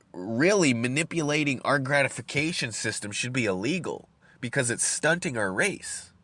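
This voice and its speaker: A man's voice: mid-range voice, fairly bright tone. A man hosting a solo podcast, ranting in a rambling, profane way, often repeating words as he thinks, while he smokes and drinks coffee. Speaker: podcast host. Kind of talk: solo rant.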